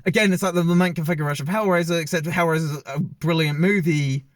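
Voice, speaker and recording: Male film reviewer, slightly high voice, loose and hesitant delivery, dead-dry recording. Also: quick pace, no echo. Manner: rambling, hesitant, many fillers and restarts. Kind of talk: casual spoken movie review.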